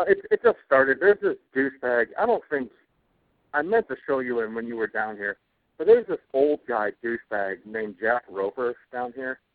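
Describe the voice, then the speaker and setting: Here a podcast co-host grumbles and curses his way through a rant about TV during casual conversation. The man has a mid-range voice with no room sound, captured on tinny, phone-like audio that stays dry.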